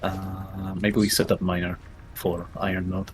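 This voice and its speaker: A male streamer with a low voice and a completely flat, measured delivery chats casually while gaming, faint music behind him. He hosts in a fake Russian accent, dropping his articles.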